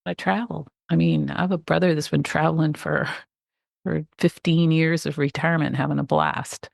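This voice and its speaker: A woman's voice: low-pitched, fairly even intonation, moderate pace, vocal fry, dry recording, clean studio sound. A middle-aged woman, a life coach guest, talking enthusiastically and a bit rambling about clients facing change. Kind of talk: casual interview chat.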